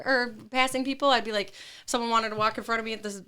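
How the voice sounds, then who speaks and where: Woman in her late 20s, guest who tells lively stories with acted-out quotes. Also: fairly high pitch, fast, smooth. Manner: animated, acts out quoted dialogue with laughs. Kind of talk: casual interview chat.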